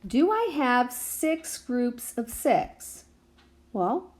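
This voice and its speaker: A woman teacher talks through a math lesson at an unhurried pace. Her voice sits a bit high. She keeps checking in with her students as she thinks aloud. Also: big pitch swings. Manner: patient, checks in with "okay?" and "right?".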